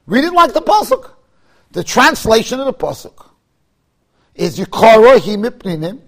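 Man, Torah class, story-driven teaching, very high voice, swooping lively intonation. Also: moderate pace. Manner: animated storyteller, rising to emphatic shouts; mixes in Hebrew and Yiddish terms.

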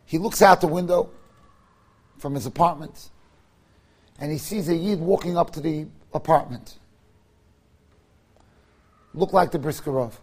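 A man, a rabbi, giving a sermon and telling a story in an animated way, moving between hushed passages and loud ones. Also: on the high side, measured pace, pauses often.

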